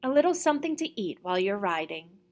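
A woman reading the lines of a brisk, motherly innkeeper in a matter-of-fact way. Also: medium pitch, very animated, darkish tone, lightly acted.

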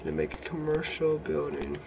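A man's voice: on the high side, normal speed, vocal fry, noisy background. A man giving casual commentary over his gameplay, sleepy and yawning as he reads the game's prompts aloud. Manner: chatty, reads in-game text aloud, yawny and relaxed. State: tired, yawning. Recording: game music under the voice.

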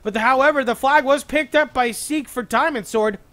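Young male solo esports caster, high bright voice, rapid excitable play-by-play with jokey asides. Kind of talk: solo play-by-play game commentary.

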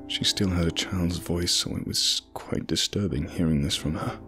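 A man narrating a scripted first-person horror story in a measured, grim way. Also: deep voice, sharp tone, soft background music.

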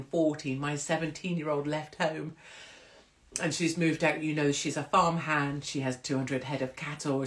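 A woman in her forties chats to her livestream viewers. She tells stories in an animated way and acts out the other people's voices. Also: sits low. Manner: chatty, animated storytelling with acted-out voices. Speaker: livestream host. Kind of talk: casual chat to live viewers.

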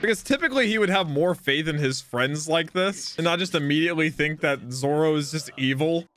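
A man hosts a casual anime reaction, speaking slowly with a very lively pitch that swings from low mutters to high yelps. He laughs often and shouts at the screen when the action heats up.

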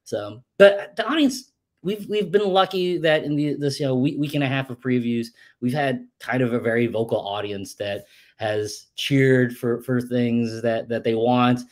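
A playwright in a casual interview, telling stories in an animated way, laughing often and swearing freely. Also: male voice, medium pitch, moderate pace.

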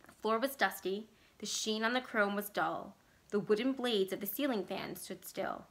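A woman from library staff reading a horror story aloud in a measured, expressive manner. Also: mid-range voice.

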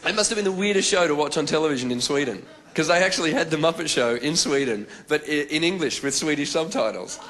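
A man's voice: a little high, lively intonation, quick pace, hardly any pauses, crowd noise. A man with an Australian accent doing stand-up comedy, chatty and self-mocking, on a live stage mic.

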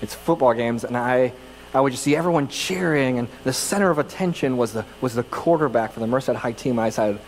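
A man's voice: medium pitch, brisk, long reverb tail, slight background noise, poor audio. A man from California preaching a sermon as pastor, telling personal stories in a conversational, self-deprecating way with frequent restarts. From California, United States.

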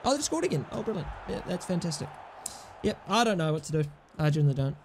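A man's voice: fairly high pitch, big pitch swings, fast talker, slight background noise. A young man giving casual commentary over his own gameplay, exasperated and sarcastic, swearing often. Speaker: gaming channel host.

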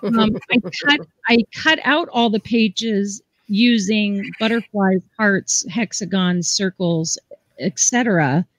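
A woman's voice: mid-range voice, slow pace. Chatty woman hosting a craft stream. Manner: chatty, enthusiastic, explains step by step. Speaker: craft show host. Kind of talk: live craft demonstration.

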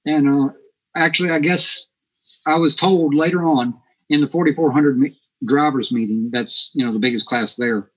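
Husky-voiced man telling a story. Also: fairly high pitch, moderate pace, low-quality recording. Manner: animated, acts out quoted dialogue. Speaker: podcast guest. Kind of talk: casual storytelling.

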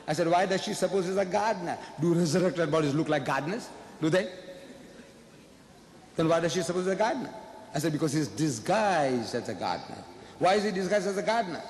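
A man delivering a debate speech from a stage, voice a little high, ringing through a big hall with a long echo. He hammers his points with rhetorical questions and repeats key lines, with faint ambience behind. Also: a little hiss or hum. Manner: rhetorical questions, emphatic and repetitive. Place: large lecture hall.

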